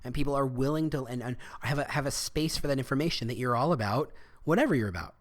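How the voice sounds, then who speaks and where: A man's voice: mid-range voice, fast. A man hosting a solo podcast, talking casually with frequent restarts and asides. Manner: rambling, self-interrupting, frequent restarts. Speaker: podcast host.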